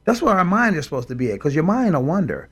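A man's voice: on the high side, sing-song, quick pace, a bit bright, breathy edge. A man co-hosting a Christian talk show, speaking in an emphatic, preacherly way and quoting scripture. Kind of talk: faith talk show discussion.

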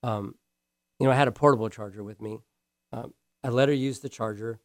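A man's voice: mid-range voice, fairly even intonation, fairly quick, dry recording, studio quality. A man preaching a sermon, telling a story earnestly and often restarting his words. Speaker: pastor.

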